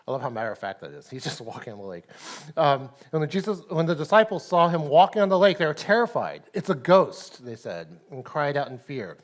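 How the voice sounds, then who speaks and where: A man's voice: on the high side, big pitch swings, fairly quick. A man with a Texan accent preaching a casual sermon at a church service, chatty, laughing often and checking in with "right?". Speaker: pastor.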